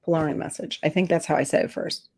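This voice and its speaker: A woman's voice: low voice, quick pace, creaky. A woman hosting a casual livestream chat, talking freely and laughing often between remarks. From Florida. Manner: chatty, laughs often, animated mock voices. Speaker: livestream host. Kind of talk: casual chat reading viewer comments.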